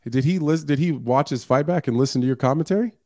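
A man's voice: a little high, fast, a little mellow, no room sound, clean studio sound. A man appearing as a fighter on a sports talk show, speaking frankly with stammering restarts. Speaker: guest fighter. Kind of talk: casual sports chat.

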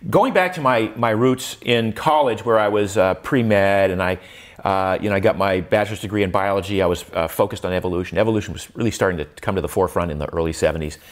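An older man being interviewed speaks fast in a lowish voice, reflecting conversationally with many restarts and fillers. His voice rises when he emphasizes something.

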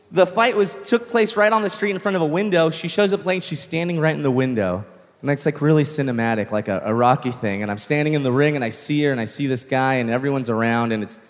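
High-voiced man telling a stand-up story. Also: a little fast, big-room sound. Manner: animated, swears freely, acts out shouts. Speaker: stand-up comedian.

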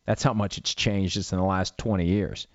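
A man's voice: low voice, steady tone, moderate pace, no room sound, lo-fi sound. A middle-aged man hosting a solo podcast, ranting with rhetorical questions and then answering listener questions. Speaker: podcast host.

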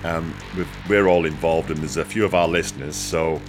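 A man's voice: extremely low pitch, fairly even intonation, moderate pace, soft background music. A man hosting a casual football chat, talking with lots of fillers and laughter. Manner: chatty, laughs often, many fillers. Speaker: podcast host.

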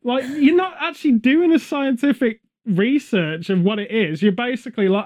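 A man in casual chat as a podcast co-host, ranting sarcastically and telling animated stories. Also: extremely high pitch, normal speed, few pauses.

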